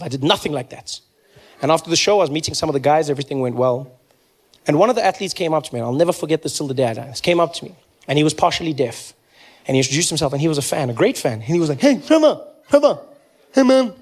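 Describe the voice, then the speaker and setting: A man performing a stand-up comedy set, telling stories in an animated way with stammered restarts. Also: a little high, very fast. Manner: animated storytelling, stammering restarts, acting out voices.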